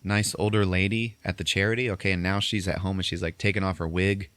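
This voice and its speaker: A man's voice: deep voice, flat delivery, quick pace, fairly bright tone, dry recording. A man hosting a podcast, recapping a movie in a casual, profane, rambling way. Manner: profane, rambling storytelling with fillers. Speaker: podcast host.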